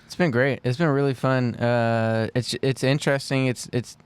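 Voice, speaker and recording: A man's voice: medium pitch, fairly even intonation, normal speed, smooth, no echo. A young man co-hosting a casual sports podcast, easygoing and laughing often with little stammers. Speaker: podcast co-host.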